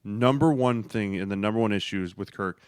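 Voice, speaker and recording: A man co-hosting a sports podcast, an emphatic, animated storyteller who swears casually. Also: fairly low pitch, a little fast, clean tone, dry recording, clean studio sound. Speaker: podcast co-host, former lineman.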